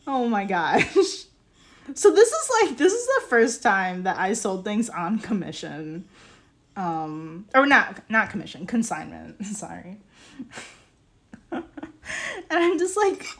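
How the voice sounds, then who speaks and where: A young woman chatting casually as she works, her voice rising and falling in a lively, animated way. She tells her story in an unhurried flow, full of "like"s and exasperated disbelief, with a slightly high pitch. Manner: animated storytelling, frequent "like" and laughter; exasperated, incredulous. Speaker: ceramics live streamer. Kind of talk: casual chat while working.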